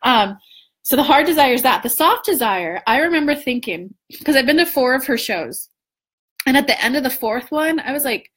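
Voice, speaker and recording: A young woman coaching on manifesting, chatting casually in a live stream, animated with lots of restarts and the odd swear. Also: high voice, normal speed, husky. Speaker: law of attraction coach.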